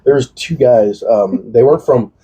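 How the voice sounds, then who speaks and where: A man in his late twenties from the Quad Cities area of Illinois, a podcast co-host chatting casually and telling stories in a halting way, leaning on "I'm like" and acting out quoted dialogue. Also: medium pitch, dark tone, slightly rough. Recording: dull lo-fi podcast audio.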